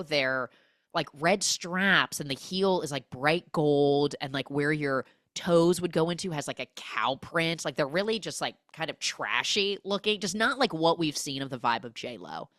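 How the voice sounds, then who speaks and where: A woman with a low voice recaps a movie for her podcast, her pitch swinging up and down as she gossips. She chatters along with plenty of 'like'. The sound is dry and close, with no room echo. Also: a little slow. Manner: animated, gossipy, full of 'like'. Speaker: podcast host.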